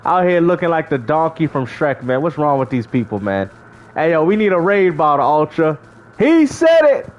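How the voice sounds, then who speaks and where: A man's voice: a little high, lively intonation, brisk, highs cut off. A man streaming live, casually bantering and mocking rival gamers, laughing often as he talks. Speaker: gaming streamer.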